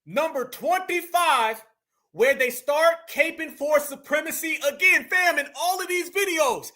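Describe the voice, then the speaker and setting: Male commentary host, very high pitch, confrontational preachy delivery. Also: measured pace, sharp tone. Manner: preachy, confrontational, keeps calling listeners "fam". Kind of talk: heated reaction commentary.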